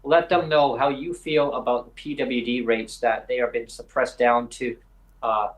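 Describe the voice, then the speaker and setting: A man's voice: mid-range voice, steady tone, normal speed, low-quality recording. A man from British Columbia, Canada, hosting a live podcast. He talks in a rambling, emphatic way with many hesitations. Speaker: podcast host. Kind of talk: live podcast advocacy talk.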